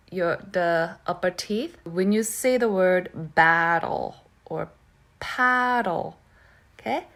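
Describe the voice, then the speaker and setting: A woman teaching pronunciation who repeats words slowly and keeps checking in with "okay?". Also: mid-range voice, a bit bright. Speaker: Korean language teacher. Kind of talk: pronunciation lesson.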